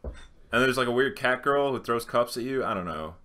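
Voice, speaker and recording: A young man co-hosting a podcast in casual chat, animated and swearing, with frequent restarts. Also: medium pitch, normal speed. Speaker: podcast co-host.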